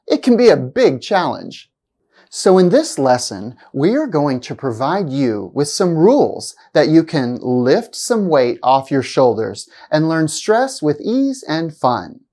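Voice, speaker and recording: Brief: woman pronunciation teacher, low-pitched, very slow and deliberate, exaggerated word stress. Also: big pitch swings, warm tone. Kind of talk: scripted pronunciation lesson.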